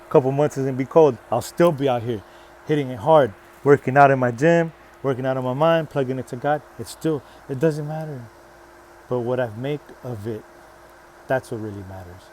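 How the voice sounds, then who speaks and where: An energetic man gives a faith-based motivational talk outdoors, with a mid-pitched voice. He preaches and repeats short rallying phrases, swinging between soft and loud delivery. Faint vehicle noise sits in the background. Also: moderate pace. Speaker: motivational vlogger.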